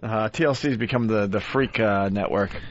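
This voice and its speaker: A man hosting a radio show, loud and crude, often laughing through crude banter. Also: fairly low pitch, moderate pace. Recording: lo-fi radio broadcast.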